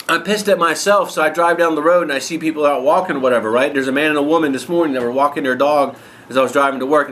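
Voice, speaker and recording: A man's voice: mid-range voice, a bit bright, a little hiss or hum. A man ranting angrily and bluntly to camera, swearing heavily as he talks to his viewers. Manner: angry, blunt, heavy swearing. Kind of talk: angry profane rant to camera.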